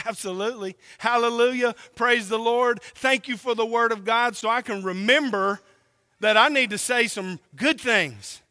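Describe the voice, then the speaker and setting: Preacher, male, from Oklahoma; very high, bright delivery in a reverberant hall. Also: clear, resonant tone. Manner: emphatic, drawn-out preaching with rhetorical questions. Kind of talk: sermon.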